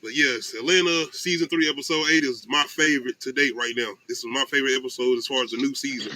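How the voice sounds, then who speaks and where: A man hosting a casual podcast chat, animated and loose, with lots of fillers. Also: mid-range voice, quick pace, low-quality recording. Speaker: podcast host.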